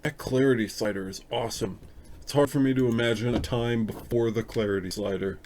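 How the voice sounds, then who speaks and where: A man editing photos on a casual home live stream, an open window in the room, chats and thinks aloud somewhat self-consciously. He speaks fairly quickly in a medium-pitched, darkish voice, and there's a little hiss or hum.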